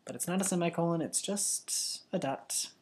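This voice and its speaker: A woman teaching a children's language lesson, patiently slowing words down for pupils to repeat. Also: lowish voice, darkish tone.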